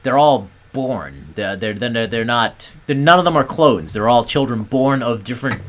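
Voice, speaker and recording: A man's voice: mid-range voice, lively intonation, moderate pace, fairly bright tone. A man co-hosting a casual podcast, explaining a movie at length and swearing casually. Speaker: podcast co-host. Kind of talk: casual movie review chat.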